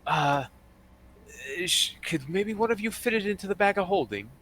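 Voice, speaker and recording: A man voicing a timid, hesitant woman adventurer who speaks haltingly. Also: high voice, expressive, fairly bright tone, pitched above the performer's own voice.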